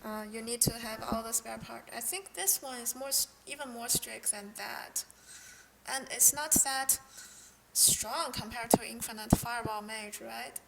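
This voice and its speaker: A young woman streamer who is not a native English speaker, chatting casually and haltingly while reading game card text aloud on a headset mic. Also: on the high side, steady tone, creaky, heavy background noise. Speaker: game streamer reviewing cards. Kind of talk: casual live-stream chat.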